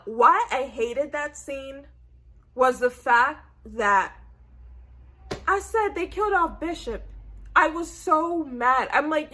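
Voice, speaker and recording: A woman recapping a TV episode in a casual, animated way, acting out her own reactions and leaning on "like" and "I said". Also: fairly high pitch. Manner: chatty, heavy use of "like" and "I said". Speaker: TV recap vlogger.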